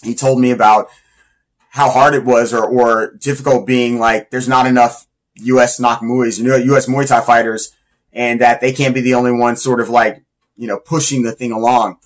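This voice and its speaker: With a level tone and normal speed, a man at medium pitch talks about the influences that shaped him as a Muay Thai fighter. His countdown is casual and eager, slangy and a little meandering.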